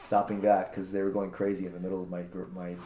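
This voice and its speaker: A man casually telling a personal story, animated and acting out what people said, often repeating words. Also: sits low, fast, reverberant, a little hiss or hum. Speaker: guest, jiu-jitsu practitioner.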